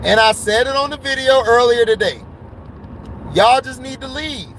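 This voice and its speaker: A man giving a casual, blunt sports commentary rant, excitable and laughing often between his points. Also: very high voice, moderate pace, slight background noise, rough recording.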